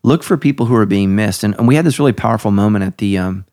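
A man's voice: fairly low pitch, quick pace, a little mellow. A middle-aged man, a pastor hosting a podcast, talking casually and emphatically, his voice jumping up to stress points.

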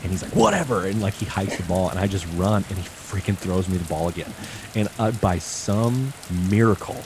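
A man's voice: low voice, fairly even intonation, moderate pace. A man in his late twenties telling stories in a rambling casual chat, full of "like.". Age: 20s. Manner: rambling, many "like"s. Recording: noisy rain in background.

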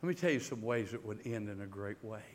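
With a voice on the low side, this expressive male pastor preaches fast, alternating between loud, forceful build-ups and hushed, personal passages. He often repeats words as the intensity grows.

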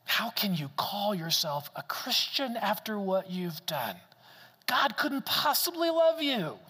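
A man's voice: high voice, sing-song, slow pace, sharp tone, slightly rough, voice pushed up, heavily acted. A man putting on a sneering inner voice of shame. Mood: taunting. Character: harsh inner voice of shame, male, taunting.

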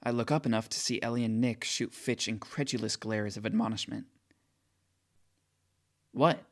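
A man's voice: fairly low pitch, fairly even intonation, a little fast. A man reading first-person audiobook narration with emotional, tearful outbursts.

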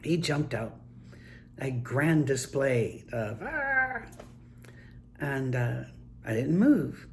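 An older man, a grandfather, telling casual anecdotes in a relaxed, folksy, wry way. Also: mid-range voice, slow pace, a little hiss or hum. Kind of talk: casual storytelling monologue.

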